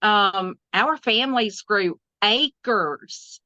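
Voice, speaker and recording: A woman's voice: mid-range voice, very slow, bright, forceful tone, no room sound, dull audio. A middle-aged woman, chatting as a guest on an interview podcast. She laughs often and trails off into restarts. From Southern United States. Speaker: guest quilter. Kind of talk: casual interview chat.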